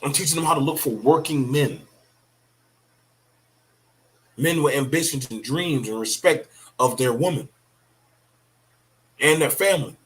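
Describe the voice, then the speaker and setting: A man's voice: on the high side, normal speed. A middle-aged man giving a blunt, profane, preachy opinion monologue about parenting. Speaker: commentator on parenting.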